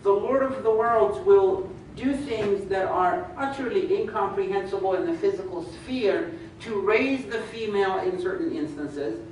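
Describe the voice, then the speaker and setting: A man giving a measured religious lecture, laying out numbered points and reciting scripture in Arabic. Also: high-pitched, a little mellow, a little hiss or hum. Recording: echoey hall, speaker far from mic.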